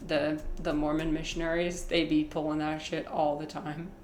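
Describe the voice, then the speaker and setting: A woman's voice: low-pitched, little pitch movement, normal speed, a little mellow, roomy sound, slight background noise. A woman live-streaming a video game, chatting in a rambling, playful, self-mocking way. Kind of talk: casual live gaming commentary.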